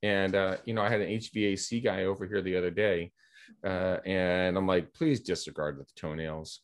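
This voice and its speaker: A man's voice: low-pitched, a little fast. A middle-aged man from California, a real estate agent, telling rambling anecdotes in a casual podcast interview over a video call. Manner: energetic, chatty, rambling anecdotes with quoted dialogue.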